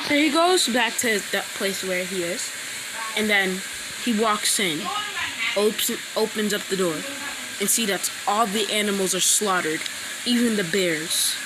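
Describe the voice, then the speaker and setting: A woman improvising a fan-fiction story out loud, rambling with many restarts and fillers. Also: mid-range voice, measured pace. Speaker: amateur storyteller. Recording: loud background noise.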